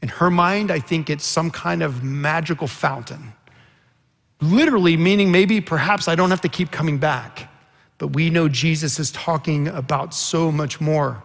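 A man preaching a sermon, retelling a scripture story with earnest intensity. His voice sits a little high and has a gravelly edge. It carries a long reverb, as from a large hall. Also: moderate pace, a bit bright. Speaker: pastor.

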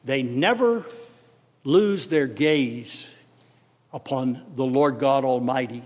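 A man with a Texan accent preaching a sermon as pastor, swelling emphatically on key words and dropping into quick asides. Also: mid-range voice. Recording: long hall reverb.

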